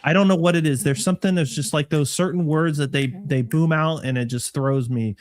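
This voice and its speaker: A man co-hosting a casual pilot chat show, rambling excitedly through complaints with lots of restarts. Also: on the high side, a little fast. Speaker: co-host, airline pilot.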